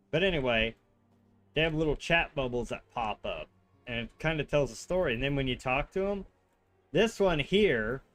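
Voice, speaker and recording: A man streaming a game, chatting casually, teasing his chat and laughing often. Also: medium pitch. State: yawning, a little dry-mouthed. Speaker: livestreamer playing a game. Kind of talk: casual gameplay commentary.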